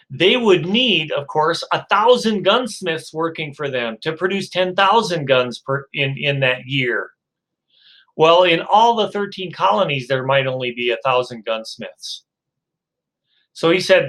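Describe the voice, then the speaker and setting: A male professor giving a recorded lecture and telling a story. He speaks slowly and hesitantly, with many fillers, in a bright, slightly high voice. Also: rough recording.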